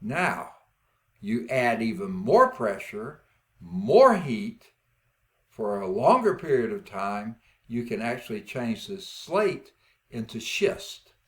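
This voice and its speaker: A man's voice: medium pitch, big pitch swings, takes it slowly. A man teaching a geology class, showing rock samples in a folksy way and often checking in with "okay?", sometimes admitting he is unsure. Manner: thinks aloud, admits uncertainty. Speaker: geology instructor.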